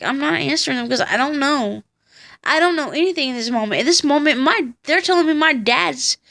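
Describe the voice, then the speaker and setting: A young woman with a somewhat high voice tells her life story to the camera in a vlog. She speaks bluntly, with heavy swearing and heated retellings. She sounds tired. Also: a bit bright. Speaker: vlogger.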